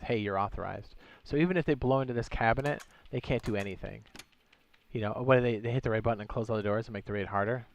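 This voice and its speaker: A man's voice: medium pitch, no room sound. A young man casually chatting on a gaming livestream, thinking aloud as he builds and greets viewers. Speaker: streamer.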